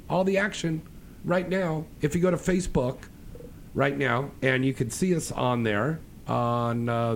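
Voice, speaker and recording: Excitable male radio host. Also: fairly high pitch, a little hiss or hum. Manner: loud, excitable, bantering. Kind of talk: casual radio talk show.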